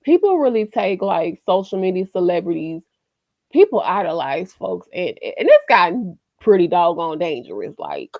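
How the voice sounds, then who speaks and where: A woman's voice: fairly low pitch, sing-song, moderate pace, no echo. A woman chats candidly to her viewers, tossing in slangy asides and plenty of "you know" as she goes. Her voice comes through a dull, lo-fi mic, and the recording is dry with no room sound. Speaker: vlogger giving life lessons. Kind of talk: casual talk to camera.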